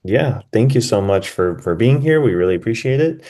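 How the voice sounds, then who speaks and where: A man's voice: lowish voice, expressive, moderate pace, mellow. A man moderating a video call panel, polite and stumbling a little over guests' names.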